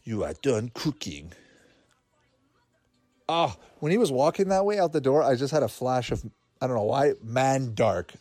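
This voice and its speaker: A man's voice: medium pitch, big pitch swings, normal speed, pauses often, darkish tone, no room sound. A man chatting casually while watching a cartoon, laughing often and thinking aloud with fillers. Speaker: cartoon reaction commentator. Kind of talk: casual watch-along commentary.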